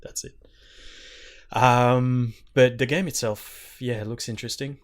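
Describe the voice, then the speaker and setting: A man at a middle, ordinary pitch, co-hosting a casual gaming podcast. He rambles through his points with plenty of "um" and "like", chatting loosely. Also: fairly even intonation, a little slow. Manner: rambling, filler-heavy storytelling. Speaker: podcast co-host.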